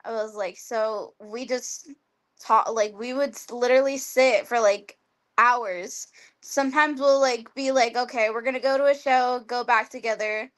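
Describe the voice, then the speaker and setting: A talkative woman speaks as a guest on a streamed interview over a video call. Her voice sits a little high, and she rambles casually, with constant "like" fillers and easy laughter. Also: steady tone, measured pace, fairly bright tone. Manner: chatty, lots of "like", laughs often. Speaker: guest wrestler.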